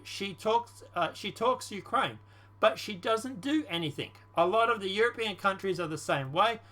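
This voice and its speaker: A man's voice: sits high, pushed and bright. A man reading as a boastful American president.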